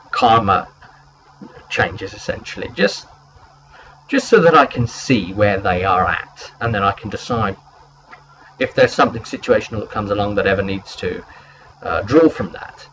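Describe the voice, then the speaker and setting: Low-voiced man recapping a tabletop game. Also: expressive, normal speed, pauses often, a bit bright, dull audio, a little hiss or hum. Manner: rambling, hesitant, many fillers. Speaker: game master.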